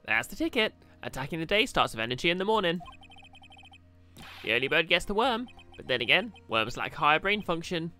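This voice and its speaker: A man voicing a loud, boisterous male clown in a video game, booming and punny. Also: very animated, fairly quick, soft background music, heavily acted.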